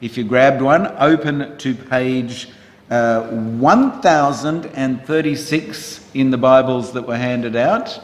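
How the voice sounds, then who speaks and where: A man's voice: medium pitch, slow pace. A man preaching a sermon in church, chatting with the congregation and asking them questions in a conversational way. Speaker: pastor. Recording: roomy church hall reverb.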